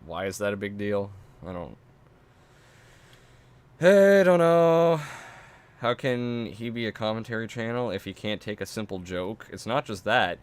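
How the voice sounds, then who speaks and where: A man's voice: fairly low pitch, moderate pace, a bit bright. A man hosting a stream, reacting casually, crude, dismissive and joking. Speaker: streamer host.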